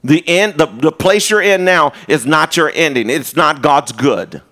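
A male pastor preaching a live sermon in a loose, conversational way, with humor and frequent restarts, dropping low and slow for emphasis and rising when he exhorts. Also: expressive, fairly bright tone.

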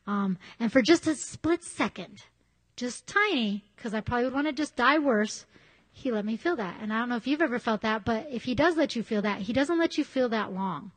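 A woman's voice: fairly high pitch, a little fast. A woman preaching a sermon in a conversational, candid way, telling personal stories. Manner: conversational, candid, animated storytelling.

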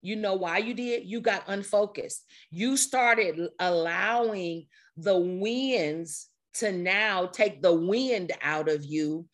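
A woman's voice: mid-range voice, takes it slowly, hardly any pauses. Woman coach on a video call, voice a bit strained, chatty and upbeat, laughs a lot. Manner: energetic, conversational, with laughs and repetitions. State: slightly strained voice. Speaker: coach leading an online group session. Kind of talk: motivational talk to a group.

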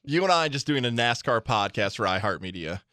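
A man co-hosting radio sports talk at a studio mic, with wry, quick banter. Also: medium pitch, expressive, sharp tone, no echo.

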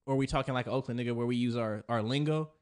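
This is a man co-hosting a casual podcast, from California, with a mid-pitched voice. He talks in loose slang and jokes around with his friends, laughing often. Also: rapid-fire, a loud crowd. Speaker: podcast co-host. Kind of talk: casual chat.

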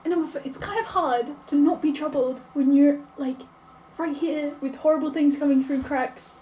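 A woman playing her character in a tabletop role-playing game, blunt and expressive, quick to challenge others. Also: sits high, slight background noise, low-quality recording. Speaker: player.

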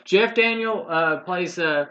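A man rambles through a story in a folksy, casual way. His voice is bright and sits a little high. The podcast audio is dull and lo-fi, with a faint hiss behind it. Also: slow pace. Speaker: podcast co-host. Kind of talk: casual chat.

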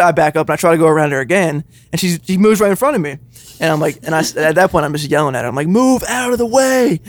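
A man on a casual podcast, telling a story at a fast clip. His voice sits a little high for a man and stays animated, with easy swearing along the way. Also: no room sound. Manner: animated, swears freely, laughs through his stories. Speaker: podcast co-host.

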